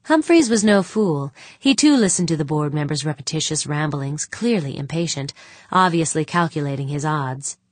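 A woman narrating an audiobook in an even, measured way. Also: deep voice, dry recording. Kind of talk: scripted narration.

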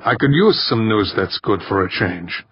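A man voicing a gruff, tired Russian maintenance chief who growls in a heavy, low voice. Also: expressive, normal speed, dry recording, dull audio.

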